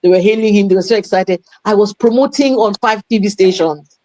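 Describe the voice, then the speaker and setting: Woman, interview guest, lively storyteller with Yoruba asides, dry close sound. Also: mid-range voice, fairly quick, dry recording, low-quality recording. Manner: animated storyteller mixing English with Yoruba phrases. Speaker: interview guest, playwright and promoter.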